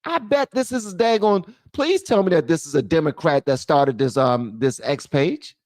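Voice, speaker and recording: Lively, blunt-talking male show host. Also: a little high, normal speed, no room sound, clean studio sound. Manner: blunt, profane ranting, calling out viewers. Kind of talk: solo commentary show.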